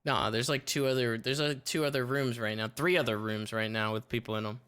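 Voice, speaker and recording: A man's voice: mid-range voice, fairly quick, clean tone. A man streaming a shooter game, chatting casually with lots of swearing and laughter. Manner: swearing, laughing, excitable outbursts. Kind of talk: casual gaming stream chat.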